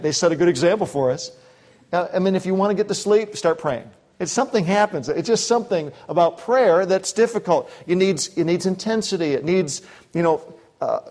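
A man's voice: fairly high pitch, darkish tone. Conversational man preaching a sermon. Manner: conversational with asides and quoted voices. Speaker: pastor. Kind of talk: expository sermon.

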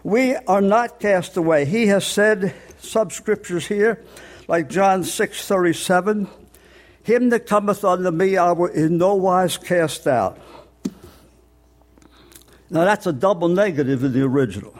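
An older man delivers a sermon in a notably high voice. He explains scripture patiently, step by step, and draws out the words he wants to land. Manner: plain teaching tone, slows on key words, explains scripture step by step. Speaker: preacher.

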